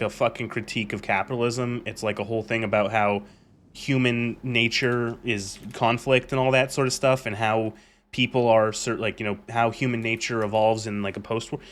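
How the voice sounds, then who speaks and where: Profane ranting male game streamer. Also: mid-range voice. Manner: ranting, profane, rambling with restarts. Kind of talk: casual live gameplay commentary.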